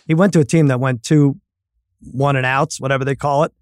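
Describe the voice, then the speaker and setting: A man's voice: mid-range voice, fairly even intonation, a little fast, dry recording, studio quality. A man co-hosting a podcast, giving opinionated, chatty takes on football teams. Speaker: podcast co-host. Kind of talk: casual sports betting chat.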